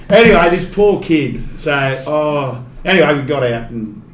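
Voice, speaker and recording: Unhurried and lively in intonation, the Australian commentator's fairly high voice carries his casual rugby league podcast stories. He's chatty and laughs often mid-story, in an echoey room with faint noise.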